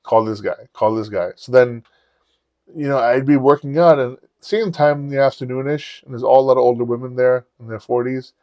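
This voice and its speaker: A man's voice: mid-range voice, fairly quick, warm tone, dry recording, lo-fi sound. A man hosting a podcast, casually telling a long story with lots of swearing and acting out his own lines. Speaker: podcast host.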